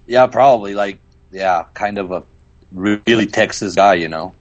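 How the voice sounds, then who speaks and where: A man's voice: on the low side, moderate pace, lo-fi sound. Agreeable man with a light Mexican accent. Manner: agreeable, hesitant, repeats himself. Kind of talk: casual chat.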